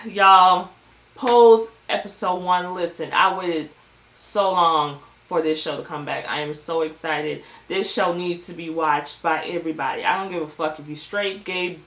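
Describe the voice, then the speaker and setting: Woman vlogger with a lowish voice, swearing and lively as she recaps a show, echoey room. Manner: animated, profane storytelling. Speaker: TV show reviewer. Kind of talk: casual episode recap vlog.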